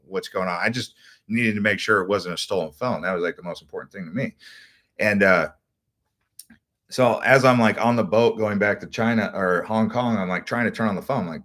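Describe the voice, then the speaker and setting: A travel vlogger from the United States tells a casual, rambling story, loose in delivery and packed with "like" fillers and restarts. His voice is deep, bright, and forceful.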